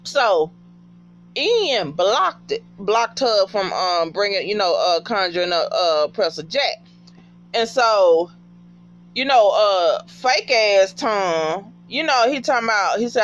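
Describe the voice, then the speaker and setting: A woman talks through a TV episode in a loose, casual recap. She is animated and profane and keeps talking back to the characters. The recording sounds dull and lo-fi. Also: medium pitch, takes it slowly.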